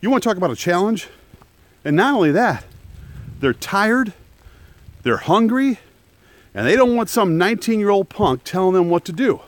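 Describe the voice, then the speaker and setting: A man recording a vlog on his phone at arm's length, outdoors in the woods. His slightly high voice swings widely in pitch as he tells his story with emphatic energy, and the sound is dry and close with no room echo. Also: normal speed, long pauses. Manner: animated, emphatic storytelling with shouted quotes. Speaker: vlogger. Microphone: phone held at arm's length for a selfie.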